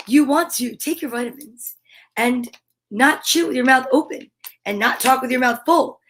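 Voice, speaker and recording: A woman with a high, bright voice hosts a pretend children's show from home. She talks with bubbly, exaggerated kid-show enthusiasm, speaking to her viewers as if they were children. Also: husky. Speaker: livestream host. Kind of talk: playful mock children's show hosting.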